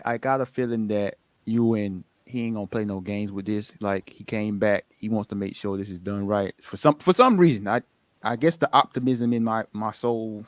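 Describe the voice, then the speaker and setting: A man's voice: fairly low pitch, fairly bright tone, no room sound, studio quality. A man co-hosting a casual online panel chat, joking and stammering on repeated words. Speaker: panel co-host.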